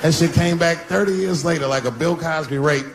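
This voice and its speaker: A middle-aged man doing a live stand-up routine, punchy and profane, swinging between loud bursts and low asides. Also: a little fast. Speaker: stand-up comedian. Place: comedy stage before a live crowd. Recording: noisy live stage recording with audience.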